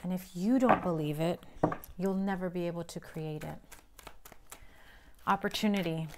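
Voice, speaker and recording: A woman's voice: on the low side, normal speed, noisy background. A woman giving a casual tarot reading, talking bluntly and emphatically with frequent swearing. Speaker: tarot reader.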